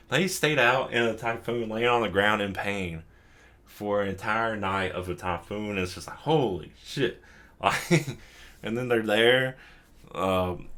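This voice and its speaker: A man's voice: on the low side, bright, forceful tone. A drunk young man hosting a casual anime recap, rambling with lots of fillers, swearing and chuckling. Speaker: host.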